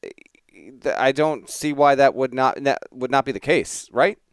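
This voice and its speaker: A man's voice: medium pitch, moderate pace, clean tone, dry recording, studio quality. A man co-hosting a casual sports podcast, playful and quizzing his co-host with trivia.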